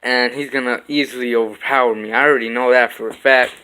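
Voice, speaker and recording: A man's voice: mid-range voice, fairly even intonation, quick pace, sharp tone, clear, resonant tone. A young man vlogging from his home kitchen, telling a fight story casually and acting out the punches with sound effects.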